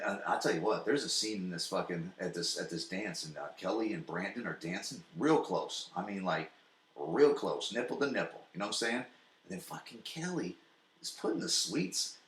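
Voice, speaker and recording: Profane excitable man in an echoey room. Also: medium pitch. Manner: profane, excitable, swings loud and soft. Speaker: podcast host. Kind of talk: casual episode recap.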